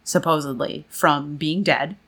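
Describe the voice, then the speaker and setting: A woman's voice: deep voice, measured pace, a bit bright, breathy edge. A woman hosting a casual podcast, explaining a story in a chatty, conversational way. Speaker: podcast host.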